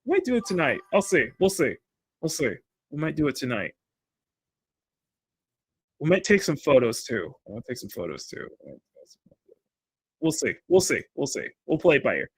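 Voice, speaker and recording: A man's voice: on the high side, sing-song, moderate pace, long pauses, breathy edge, no room sound. A man hosting a casual livestream while he draws, rambling and restarting his sentences, with frequent laughter. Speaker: livestream host.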